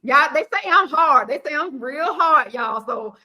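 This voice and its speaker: Bright high-voiced sassy woman host. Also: unhurried. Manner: animated, sassy, preachy asides. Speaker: podcast host. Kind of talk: casual panel chat.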